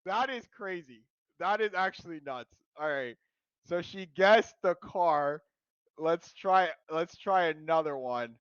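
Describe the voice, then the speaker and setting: A man hosting a casual live stream, excitable, laughing loudly and filling pauses with ums. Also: a little high, clear, resonant tone, no echo. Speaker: streamer host. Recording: dull lo-fi dry sound.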